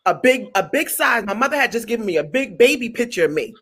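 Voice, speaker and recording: A woman comedian telling a story in an interview, animated, acting out quotes and stumbling over repeated words. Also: a little high, fast talker, husky. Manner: animated, acts out quotes in other voices.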